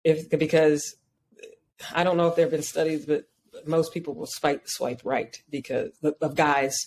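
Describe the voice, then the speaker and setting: A woman co-hosting a casual podcast chat, talking loosely and acting out her own thoughts in quick asides. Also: deep voice, level tone, a little mellow, a little hiss or hum. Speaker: podcast co-host.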